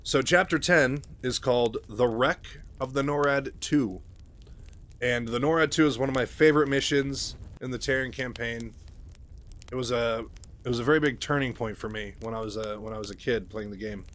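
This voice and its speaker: A man's voice: medium pitch, a bit bright. A man casually reading a game novel aloud, with chatty asides. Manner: chatty, loose, with filler asides. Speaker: story reader. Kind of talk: casual read-aloud with commentary.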